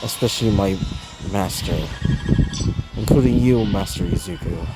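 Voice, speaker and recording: A man doing a deep, remorseful demon servant. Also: normal speed, loud music behind the voice, close to an everyday voice, low-quality recording. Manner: low, apologetic and subdued.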